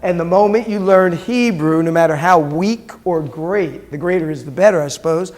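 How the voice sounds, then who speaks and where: The middle-aged rabbi here has a voice on the high side with a darkish tone, and he talks at normal speed. In his Hebrew classroom lecture, he patiently repeats words aloud and poses questions to quiz his students.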